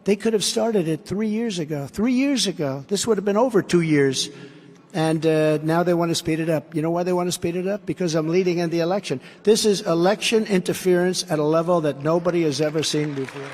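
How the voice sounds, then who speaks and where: A man's voice: a little high, brisk, a little mellow, some chatter behind. A man giving a campaign rally speech as a political candidate, emphatic and repetitive, with rambling asides. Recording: long hall reverb.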